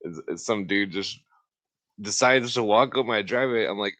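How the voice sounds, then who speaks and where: Man, podcast co-host, crude, laughing, shouts quotes. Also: lowish voice, moderate pace. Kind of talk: casual podcast chat.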